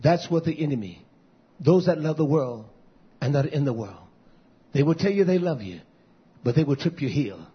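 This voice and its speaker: A man preaching a fiery sermon, swinging from shouts to low mutters. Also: lively intonation, moderate pace, long pauses, husky, muffled recording.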